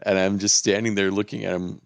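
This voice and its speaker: A man's voice: fairly low pitch, fairly quick, gravelly, no room sound. A man, a lawyer, telling a story on a casual podcast and acting out the lines people said. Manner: animated, acts out quoted lines.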